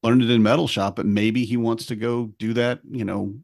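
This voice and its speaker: A man in his forties chats on a podcast and tells stories with animated bits. His voice is middle-pitched and dry, recorded close to the mic. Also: normal speed, creaky, no echo. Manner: lively storyteller who acts out quotes. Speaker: podcast co-host and at-home dad. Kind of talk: casual podcast chat.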